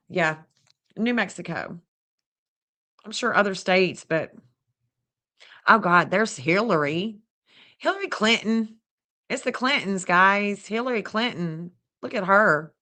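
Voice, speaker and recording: A woman hosting a casual livestream, chatty and excitable, talking straight to her viewers and laughing often. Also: medium pitch. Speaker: livestream host reading astrology maps.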